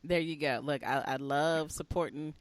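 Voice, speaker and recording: A woman's voice: sits low, fairly even intonation, moderate pace. A woman co-hosting a podcast in casual chat, teasing and emphatic, often ending a point with a check-in. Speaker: podcast co-host.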